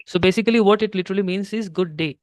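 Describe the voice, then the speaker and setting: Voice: mid-range voice, rapid-fire, darkish tone, no echo. A French teacher giving a one-on-one beginner lesson, explaining patiently step by step and checking in often.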